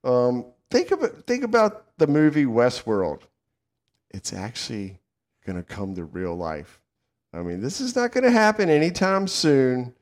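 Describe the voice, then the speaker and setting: A middle-aged man from the American South hosts a casual chat show. He talks with a Southern accent, swears freely, laughs often, and his pitch swings widely. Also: wildly swooping pitch, unhurried. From southern United States. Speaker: podcast co-host.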